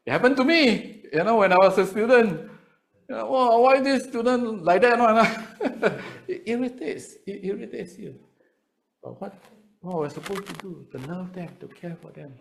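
A middle-aged man with a Singaporean English accent, preaching to seminary students in a lively, chatty way and often repeating his words. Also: high-pitched, normal speed, creaky. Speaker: pastor.

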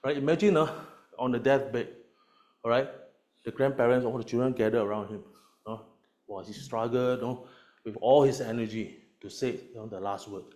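A man preaching a sermon as a pastor, emphatic, often checking in with "right?" and "huh?", swinging between loud stresses and quiet asides. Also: medium pitch, a little fast. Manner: emphatic, peppers lines with "right?" and "huh?" tag questions.

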